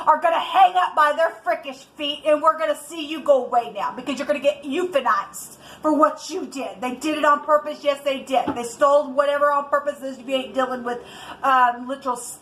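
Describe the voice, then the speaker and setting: A woman's voice: sits high, fairly bright tone, rough recording. A woman doing a spiritual tarot reading for her viewers, angry and ranting in a heated, indignant way. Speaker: tarot reader.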